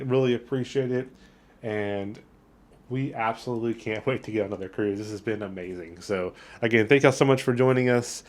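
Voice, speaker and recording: A man hosting a casual travel vlog outdoors in a port town, talking with eager enthusiasm and lots of superlatives. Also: on the low side. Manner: enthusiastic and upbeat, with frequent superlatives. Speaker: travel vlogger.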